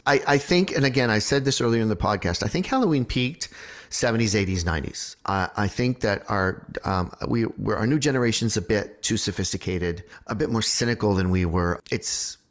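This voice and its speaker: A man co-hosting a casual podcast, an animated talker who swears freely. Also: on the low side, brisk. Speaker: podcast co-host.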